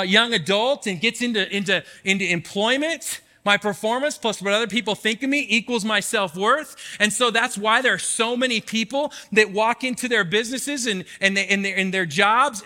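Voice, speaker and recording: A man in his forties preaching a sermon as pastor, animated and acting out pleading prayers to God. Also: high-pitched. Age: 40s. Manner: animated, acts out prayers to God with rising intensity. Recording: long hall reverb.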